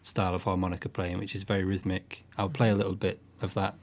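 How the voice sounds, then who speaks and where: A man's voice: low-pitched, little pitch movement, fast talker. A man from the northwest of England, a guest musician explaining his craft in a casual interview, thoughtful and often restarting his sentences. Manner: thoughtful, with frequent restarts and soft fillers.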